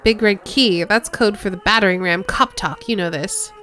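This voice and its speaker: A woman streamer reading a video game's text aloud in a lively way, with casual remarks of her own. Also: mid-range voice, moderate pace, slight background noise.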